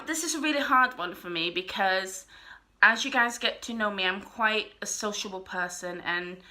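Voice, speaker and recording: A woman's voice: medium pitch, sharp tone. A young woman vlogger talking casually to camera, earnest and a little rambling.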